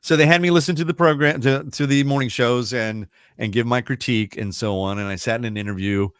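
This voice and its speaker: A man from the Baltimore area, a radio broadcaster telling stories in a casual interview, chatty and quick to laugh. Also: medium pitch, steady tone, a bit bright, clean tone, dry recording. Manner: chatty storyteller, laughs often, many restarts.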